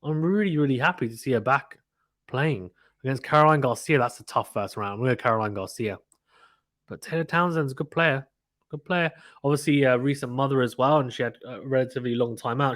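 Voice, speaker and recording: A man's voice: mid-range voice, fairly bright tone, dry recording, clean studio sound. A man hosting a tennis channel, casually going through a draw and making predictions in an offhand, self-deprecating way, thinking aloud.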